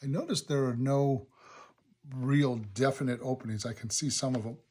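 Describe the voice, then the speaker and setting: In his studio, a watercolor instructor with a mid-range, slightly husky voice demonstrates a painting. He's relaxed and unhurried, thinking aloud through each step as he works.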